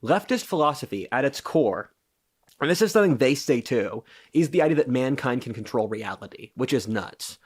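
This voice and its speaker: Guy on a podcast laying out his ideas, confident lecturing tone, mid pitch. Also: expressive, moderate pace, breathy edge. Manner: assertive, lecturing explanations. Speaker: podcast guest. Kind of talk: casual interview talk.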